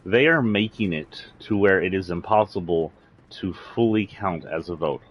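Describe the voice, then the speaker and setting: A man's voice: low-pitched, normal speed, dull audio, slight background noise. A man from Texas with a slight Southern accent, delivering a blunt, indignant political rant on a livestream, swearing freely. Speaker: political commentator.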